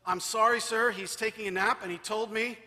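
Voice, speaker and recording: A preacher lifting his voice into a loyal housekeeper who politely stands her ground. The voice is high and bright, with a long church reverb behind it. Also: steady tone, a little fast. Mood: firm. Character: firm, loyal female housekeeper.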